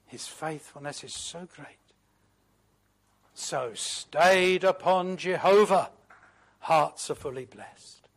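Man, sermon, high voice, unhurried, emphatic, loud then hushed. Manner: slow, emphatic preaching with swings between loud declarations and hushed asides; quotes hymn lines in a reflective voice. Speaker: preacher.

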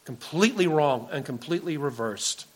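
A man's voice: a little high, animated, moderate pace, breathy edge. A man preaching a sermon to his church as its pastor, earnest and emphatic, driving his points home with repeated warnings.

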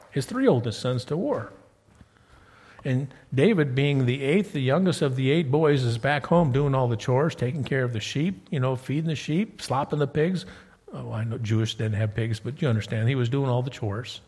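A male preacher with a husky, slightly breathy voice at an ordinary pitch. He tells the story casually, then pushes into loud, forceful emphasis when he quotes scripture. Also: in a large hall. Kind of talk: sermon.

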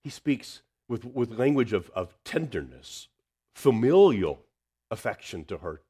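A man preaching a sermon, swinging between loud emphasis and hushed tenderness. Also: fairly low pitch, very animated, moderate pace, breathy edge.

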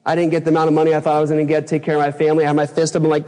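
A male pastor delivering an impassioned sermon, his voice pitched a bit high for a man. He leaps up when he replays his old outbursts. The church sanctuary carries a long, trailing reverb. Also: monotone, very fast, darkish tone. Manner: impassioned preaching, acts out his own past outbursts in a raised voice.

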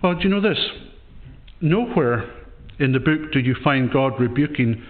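A man's voice: mid-range voice, expressive, normal speed. A man preaching a sermon in a church, in an earnest, questioning way with frequent restarts. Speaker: pastor. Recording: tinny phone-like sound.

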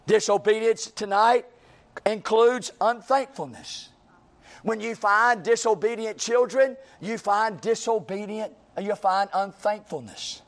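A man's voice: sits high, measured pace. A male preacher, delivering a sermon in a church with a repetitive, emphatic cadence.

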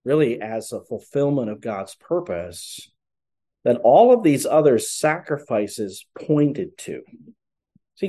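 Mellow-voiced man preaching a sermon. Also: on the high side, husky. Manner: earnest, explanatory preaching with rhetorical questions. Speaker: pastor.

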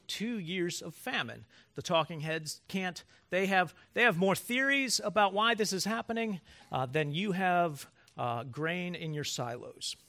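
A man's voice: fairly high pitch, sharp tone. A man preaching a sermon as pastor to his congregation, emphatic and building through rhetorical questions.

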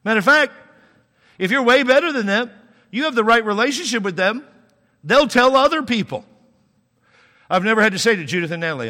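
A man's voice: very high-pitched, expressive, a little fast, long pauses, pushed and bright. A man, a pastor, preaching a sermon in a conversational way, with humor and sudden emphatic rises. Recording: long hall reverb.

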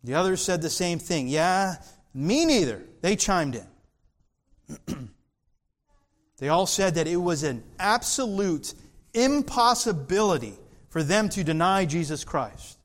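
A man's voice: high-pitched, expressive, slow pace, pauses often. A man preaching a sermon, reading scripture aloud and acting out Peter's insistent lines with rising emphasis.

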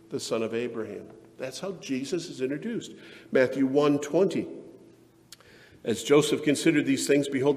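A man's voice: mid-range voice, darkish tone, big-room sound. A man pastor preaching a sermon in an earnest, emphatic way that rises into fervent passages.

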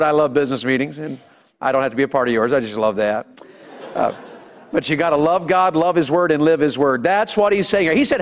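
A middle-aged man preaching a sermon in a church, folksy and humorous, often calling out to his listeners. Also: a little high. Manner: folksy, humorous, calls out to the audience. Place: church sanctuary. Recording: long hall reverb.

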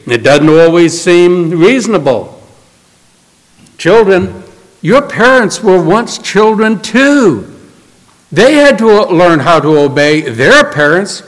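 High-voiced preacher in an echoey hall. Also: male voice. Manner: storytelling, earnest, acts out quotes. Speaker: pastor. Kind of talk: sermon.

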